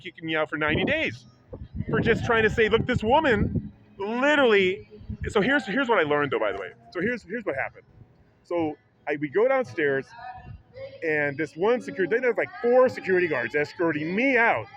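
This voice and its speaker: A man telling a story about a public library in a casual vlog, rambling with many restarts and acting out quotes in a higher voice. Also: very animated, brisk, muffled recording. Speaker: vlogger. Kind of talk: casual retelling of an incident.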